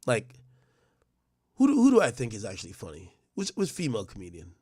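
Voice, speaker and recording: A man's voice: fairly low pitch, wildly swooping pitch, fairly quick, darkish tone, husky, no echo, clean studio sound. A man hosting a livestream, delivering a brash, profane roast monologue full of mocking jabs and stammered restarts. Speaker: livestream host.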